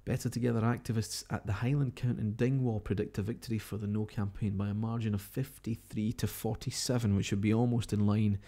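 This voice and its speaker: A man's voice: fairly low pitch, fairly even intonation, fairly quick, few pauses, mellow. Scottish man hosting late-night results coverage. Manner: chatty, musing, reads out tweets and updates. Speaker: radio-style live broadcast host. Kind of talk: casual live results commentary.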